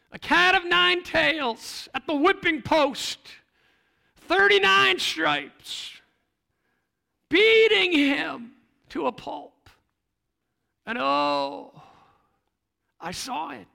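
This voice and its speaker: A man telling a Bible story dramatically in the first person, as a witness, swinging between hushed and loud moments. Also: extremely high pitch, gravelly.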